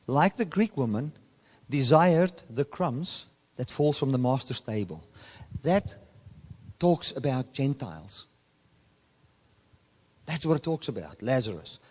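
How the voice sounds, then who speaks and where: A man preaching a sermon with a voice of middling pitch. He pushes his voice up for emphasis and then drops it to a murmur. The sound rings with a long reverb, as in a large hall. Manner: animated preaching, voice rising and dropping sharply for emphasis.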